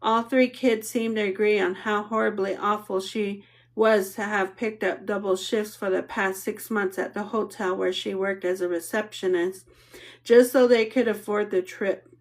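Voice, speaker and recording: A woman's voice: medium pitch, fairly even intonation, moderate pace. Woman narrating an audiobook.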